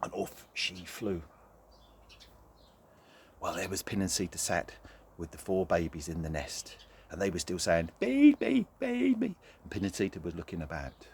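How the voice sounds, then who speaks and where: A man telling a folk tale to children, animated and talking straight to the young listeners. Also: sits low, moderate pace, pauses often, a little hiss or hum. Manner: animated, talks directly to children. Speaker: storyteller. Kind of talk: children's story narration.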